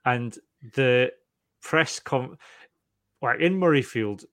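A man co-hosting a podcast, telling stories in a lively, animated way and mimicking the people he talks about. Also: mid-range voice, takes it slowly, dry recording. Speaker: podcast co-host. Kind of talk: casual sports chat.

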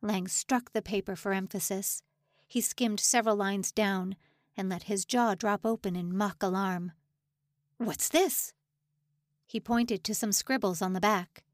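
Woman narrating a dark audiobook, dry. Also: mid-range voice, steady tone, normal speed, dry recording. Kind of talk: scripted narration.

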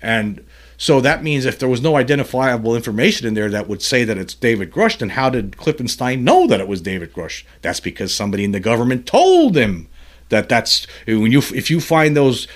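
A male podcast host talks alone into the mic, his voice sitting in a middle pitch. He rambles and trips over restarts and fillers, then gets heated and emphatic as he makes his point. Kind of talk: solo commentary podcast.

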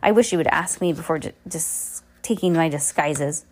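A woman's voice: deep voice, normal speed. A woman reading aloud and voicing a wicked, scheming male villain who sneers and threatens. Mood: menacing.

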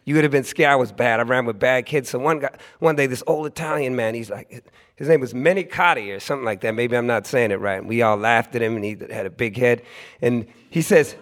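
A fast-talking man in his forties from Oakland, California, with a mid-range voice, tells a story on a club stage before a live audience. He's animated and loose, laughing often, restarting frequently, and acting out other people's voices in quotes.

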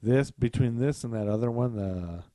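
A man's voice: medium pitch, normal speed, mellow, no echo. A man co-hosting a podcast, chatting casually and animatedly, swearing freely and trailing off with fillers. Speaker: podcast co-host. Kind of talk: casual chat.

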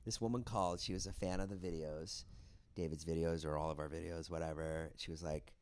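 A man guesting on a podcast speaks in a low, smooth, darkish voice, steady in tone and brisk in pace. He's a comedian and filmmaker, and his casual storytelling rambles as he quotes people in put-on voices.

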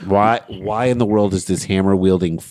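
A low-voiced man co-hosts a casual podcast and tosses off quick, crude quips. His talk is relaxed and chatty. The recording is dry and close, with no echo. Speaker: podcast co-host. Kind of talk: casual comedic chat.

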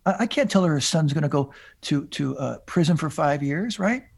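A man's voice: fairly high pitch, animated, moderate pace, creaky, slightly rough. A man with a slightly raised voice tells his story on a podcast. He rambles, restarting and repeating words as he goes. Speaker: podcast guest. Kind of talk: storytelling in casual chat.

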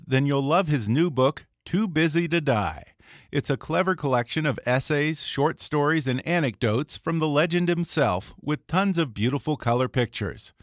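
A man hosting a podcast interview, reacting quickly and laughing along, then reading an ad. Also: mid-range voice, dry recording, studio quality. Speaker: podcast host. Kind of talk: interview chat and ad read.

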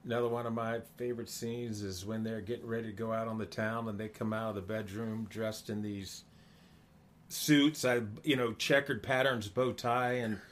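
A man in a casual movie chat, retelling scenes and quoting lines in animated voices. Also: lowish voice, moderate pace, a little hiss or hum.

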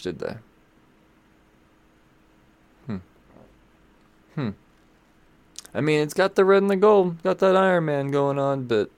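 A man giving casual, rambling commentary on comic books, blunt and swearing freely, often trailing off mid-thought. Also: medium pitch. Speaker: comic book reviewer.

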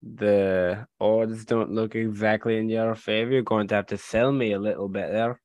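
A man's voice: fairly low pitch, steady tone, moderate pace, darkish tone, no room sound, lo-fi sound. A man playing his character in a tabletop game, speaking in a dry, joking way. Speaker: player.

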